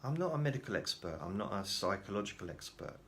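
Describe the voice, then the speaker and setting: A man's voice: fairly low pitch, big pitch swings, fast talker, a bit bright, slight background noise. A man talking casually to camera in a rambling, self-deprecating way, often restarting his sentences. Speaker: vlogger.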